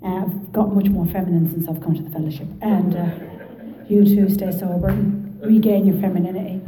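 A woman with an Irish Midlands accent telling her story at a recovery meeting, lively and joking. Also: fairly low pitch, brisk, reverberant, rough recording. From Ireland. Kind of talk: personal testimony to an audience.

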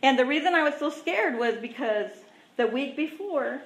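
A woman's voice: high-pitched, animated, normal speed, a little hiss or hum. Candid woman telling her recovery story. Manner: candid, self-mocking, chatty with many "you know"s. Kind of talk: personal recovery testimony. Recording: echoey room.

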